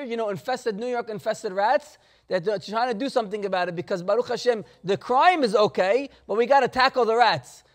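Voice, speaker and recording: High-voiced rabbi giving a Torah class. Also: male voice. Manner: explains Hebrew terms in English, emphatic warnings.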